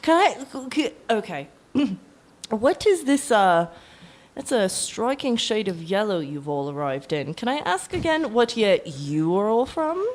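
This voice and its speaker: A woman's voice: medium pitch, sing-song, measured pace. A woman voicing a scolding, foul-mouthed 1940s English housewife in a tabletop role-play. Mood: indignant. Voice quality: scolding, swears freely.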